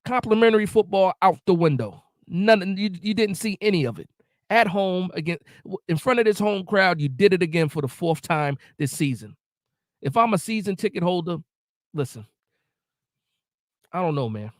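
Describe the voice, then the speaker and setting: A man's voice: high voice, animated, moderate pace, dry recording, studio quality. A man hosting a live post-game reaction stream, ranting emotionally and repeating himself while following the chat. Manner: reads and answers live chat.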